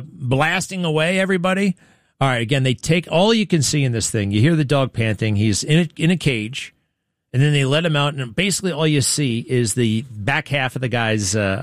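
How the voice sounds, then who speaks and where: A man hosts a commentary show in a blunt, chatty way, asking the audience pointed rhetorical questions. His voice sits at an ordinary pitch, and the room around him is dry with no echo. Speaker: show host. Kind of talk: commentary on played clips.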